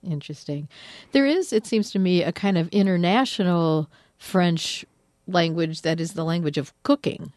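A woman hosts a radio interview and asks her guest curious, measured questions. Her voice is notably deep. The studio sound is dry and close. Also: darkish tone, no room sound. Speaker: radio host.

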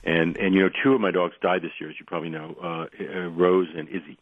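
A man with a very low, husky voice tells rambling stories as a radio guest. He is losing his voice and keeps clearing his throat. He comes through a thin, dry phone line. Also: little pitch movement, fast, no room sound. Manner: rambling anecdotal storyteller, frequent restarts. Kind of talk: radio interview, storytelling.

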